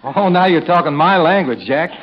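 Relaxed guest, drawling, high and animated; 1940s radio, lo-fi with audience. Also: male voice, normal speed.

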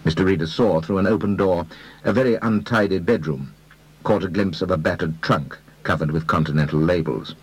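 A man narrating a classic detective story with dry, measured storytelling. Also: low-pitched, breathy edge, low-quality recording. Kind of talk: audiobook narration.

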